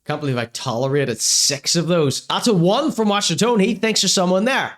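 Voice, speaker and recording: A man's voice: sits high, moderate pace, a bit bright. A man hosting a comedy podcast, mocking and sarcastic as he reacts to clips. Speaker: podcast host.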